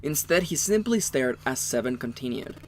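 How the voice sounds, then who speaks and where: A man co-hosting a let's play, reading the game's narration aloud with quick joking asides. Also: medium pitch, expressive, slight background noise.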